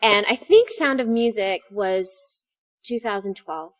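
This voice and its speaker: A woman being interviewed about her stage acting, telling stories in an animated way and acting out the lines she quotes. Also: medium pitch, measured pace, no echo. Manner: animated storytelling, acts out quotes. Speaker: stage actress, guest. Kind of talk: interview conversation.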